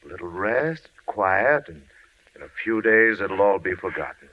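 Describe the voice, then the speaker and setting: A soothing, low-voiced doctor. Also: male voice, very animated, normal speed. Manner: soothing, reassuring, later shaken. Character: calm middle-aged family doctor and friend. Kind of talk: 1940s radio acting. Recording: muffled old radio drama recording.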